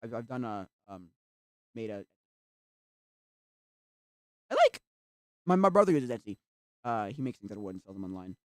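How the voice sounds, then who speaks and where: A live streamer chatting casually while browsing at the computer, rambling and filling every pause with "like". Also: mid-range voice, sing-song, dry recording, studio quality. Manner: rambling, heavy use of "like".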